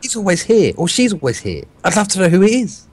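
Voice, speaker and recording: A British man co-hosting a gaming podcast, telling stories in a lively, swear-heavy way. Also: sits high, fast, husky. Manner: animated, swears a lot, storytelling. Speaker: podcast co-host. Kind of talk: casual gaming chat.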